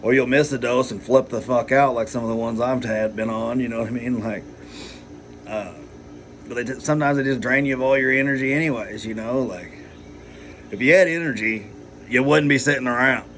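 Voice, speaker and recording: A man's voice: medium pitch, steady tone, brisk, a bit bright, slight background noise. A man rambling heatedly in a personal vlog, swearing a lot and filling his talk with "like" and "you know". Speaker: vlogger.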